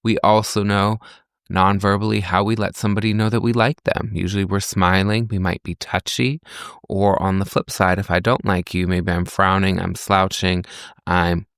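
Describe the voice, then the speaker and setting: Deep voiced guy teaching a class-style podcast, gravelly, asks the listener lots of questions. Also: level tone, normal speed, a bit bright, no room sound, studio quality. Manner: conversational teaching with rhetorical questions and examples. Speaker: communication professor and podcast host.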